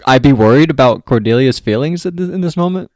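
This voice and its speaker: A man's voice: mid-range voice, lively intonation, fast talker, a little mellow, no room sound, studio quality. A man co-hosting a podcast, recapping an episode in casual chat, rambling and full of questions. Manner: rambling, asks many questions, mimics characters. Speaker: podcast co-host.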